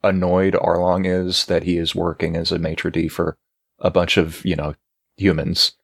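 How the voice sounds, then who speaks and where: A man's voice: deep voice, level tone, normal speed, husky, no echo, clean studio sound. A man co-hosting a casual podcast, thoughtful and hedging, with many fillers. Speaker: podcast co-host. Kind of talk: casual chat.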